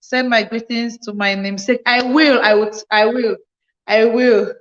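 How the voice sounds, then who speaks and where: A woman's voice: on the high side, steady tone, a little slow, highs cut off. A woman hosting a casual livestream, tired after a night shift, repeating thanks and greetings to viewers as they join. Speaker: livestream host. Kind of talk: casual live-stream chat greeting viewers. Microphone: phone.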